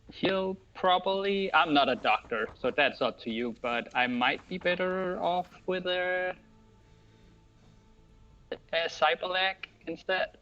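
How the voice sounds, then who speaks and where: Man, tabletop player, slow halting speech, bright voice, dull lo-fi mic. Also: on the high side. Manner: halting, tentative, full of fillers. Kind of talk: playing a tabletop game.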